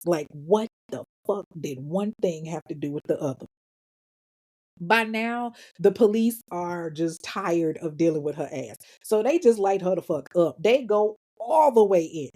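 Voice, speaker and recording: A woman's voice: on the low side, animated, a little slow, dark tone. Sassy, profane woman podcast host. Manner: profane, sassy, acts out quotes. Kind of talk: casual true-crime storytelling.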